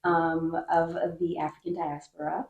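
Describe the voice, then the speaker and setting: A woman's voice: deep voice, level tone, normal speed, creaky, dull audio, a crowd in the background. A woman from Brooklyn, a midwife, introducing herself proudly at a round table. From Brooklyn, New York. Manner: proud, warm-hearted.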